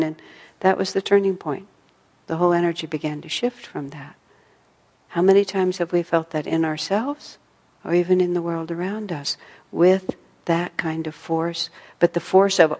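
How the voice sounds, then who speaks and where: A middle-aged woman giving a gentle, reflective spiritual talk, acting out her own inner dialogue. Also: on the low side, fairly even intonation, moderate pace, breathy edge, long reverb tail. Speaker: spiritual teacher.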